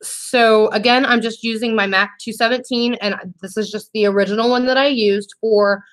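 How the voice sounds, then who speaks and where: A woman hosting a live makeup tutorial vlog. She chats warmly and personally, reads out viewer comments, and often restarts her sentences with "um". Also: on the high side, steady tone, moderate pace. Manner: chatty and heartfelt, with frequent restarts and "um". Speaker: makeup vlogger host.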